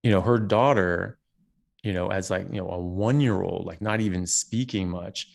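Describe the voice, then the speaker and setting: Man, gravelly voice, doctor guest, casual interview talk, animated storytelling. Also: deep voice, normal speed. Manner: animated storytelling with frequent restarts.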